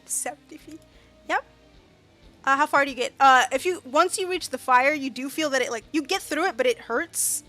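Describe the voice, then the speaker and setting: High, bright woman game master. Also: moderate pace, soft background music. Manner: chatty, hesitant with fillers. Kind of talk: running a tabletop game.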